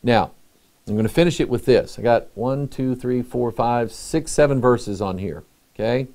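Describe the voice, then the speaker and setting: A middle-aged man, a pastor, preaching a sermon in an earnest, conversational way with pauses. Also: medium pitch, a little mellow.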